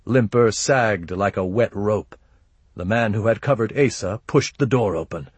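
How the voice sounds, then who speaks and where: A man reading a first-person audiobook narration in a measured, grim, low-key manner. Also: breathy edge, no echo.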